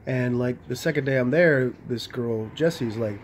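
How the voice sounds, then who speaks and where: A man's voice: medium pitch, normal speed, hardly any pauses, slight background noise. A man talking casually into a handheld phone camera, rambling, full of "like" and frequent swearing. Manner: rambling, heavy on "like", swears freely. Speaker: vlogger.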